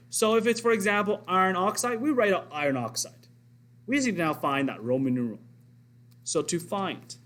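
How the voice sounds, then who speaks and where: A man teaching a recorded science lesson, explaining step by step and asking and answering his own questions. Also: a little high.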